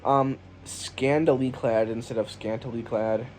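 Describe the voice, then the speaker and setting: A man's voice: medium pitch, unhurried, hardly any pauses, a little mellow. Sarcastic, cursing male podcast host. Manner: sarcastic and profane, riffing on a list. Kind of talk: casual solo comedy podcast. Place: home room with a lawn mower outside. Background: faint lawn mower noise from outside.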